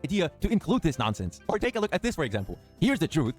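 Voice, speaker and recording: A man's voice: fairly high pitch, wildly swooping pitch, fast, a little mellow, soft background music. A man in a commentary video, speaking with a mocking, incredulous tone.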